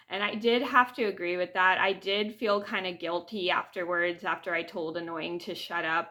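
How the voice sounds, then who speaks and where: A woman's voice: fairly low pitch, pushed and bright. A woman vlogger telling a personal story casually to her camera, rambling with restarts and fillers. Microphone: camera mic.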